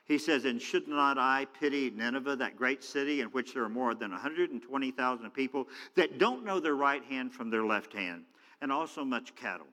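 A man preaching a sermon as a pastor, acting out quoted voices with big swings in pitch and loudness. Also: lively intonation, moderate pace. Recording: hall reverb.

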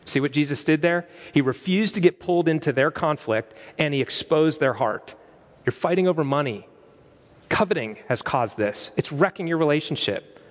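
A pastor preaches with animated energy, restarting phrases as he builds his points. His man's voice sits fairly high, and it rings through a church sanctuary with a long reverb tail. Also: normal speed. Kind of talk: sermon.

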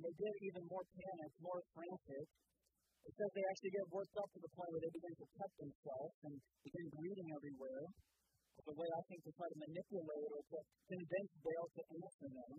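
Guy preaching, high-ish voice, reads scripture then talks it through loose, kinda dull recording w faint hiss. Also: fairly quick. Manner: reads scripture then explains it conversationally, with fillers. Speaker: pastor. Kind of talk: sermon with Bible reading.

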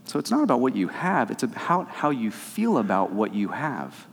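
A man's voice: mid-range voice, very animated, moderate pace, in a large hall, slight background noise. A man preaching a sermon as pastor, conversational at times and rising to fervent emphasis.

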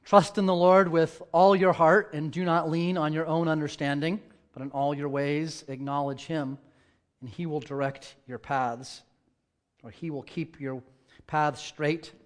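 Man preaching, from hushed prayer to rising fervor. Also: fairly high pitch, fairly even intonation, unhurried. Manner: reads scripture, prays softly, then tells stories and rises to loud dramatic peaks. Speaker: church elder preaching. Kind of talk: sermon.

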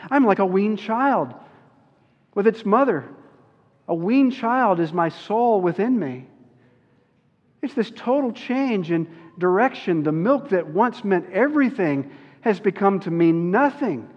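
High-voiced man preaching in a reverberant hall. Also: animated. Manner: earnest, slows down on key words. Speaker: pastor. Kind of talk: sermon. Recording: dull recording with long hall reverb.

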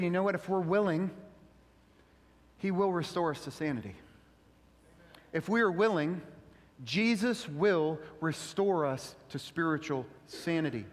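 High-voiced man preaching in a hall. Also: a little slow, long pauses. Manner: casual, animated, slangy delivery. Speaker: pastor. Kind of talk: sermon.

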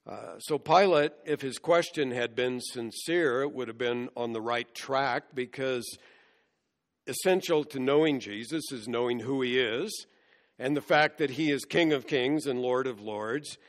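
Male pastor, mid-pitched, unhurried, teaching sermon with long church reverb. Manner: measured, explains scripture verse by verse. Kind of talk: expository sermon.

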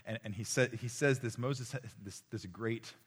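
A man preaching a sermon to young people in a room, impassioned, swinging from loud exhortation to hushed tones, often repeating words as he goes. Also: medium pitch, normal speed, breathy edge. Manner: repeats words and restarts as he speaks. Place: room with a live audience.

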